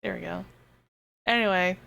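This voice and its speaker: A woman streaming a game live, chatting casually to her viewers, giggling and swearing as she gets excited. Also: fairly low pitch, moderate pace, creaky.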